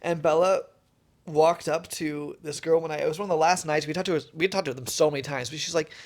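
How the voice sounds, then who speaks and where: A man's voice: fairly high pitch, fairly even intonation, fast. A man co-hosting a podcast in casual chat, telling stories enthusiastically and rambling with lots of "like.". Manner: enthusiastic, rambling, heavy on "like" fillers. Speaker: podcast co-host.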